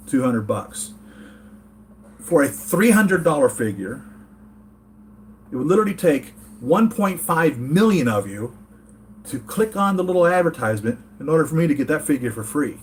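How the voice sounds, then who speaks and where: A man's voice: on the high side, slight background noise. A man from the United States hosting a casual live-chat vlog from his home, rambling earnestly and reading chat comments aloud. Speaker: toy collector channel host.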